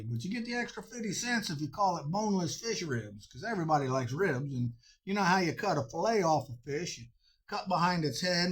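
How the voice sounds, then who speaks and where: A man's voice: on the high side, breathy edge. A man, hosting a cooking show in a folksy, rambling way. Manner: folksy, drawling, with frequent uh fillers.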